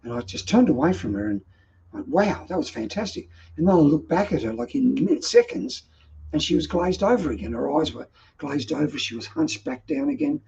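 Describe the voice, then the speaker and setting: Gravelly Australian man, earnest and reflective. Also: a little high, very animated, a little fast, warm tone, highs cut off, a little hiss or hum. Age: middle-aged. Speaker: vlog host. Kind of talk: personal storytelling monologue.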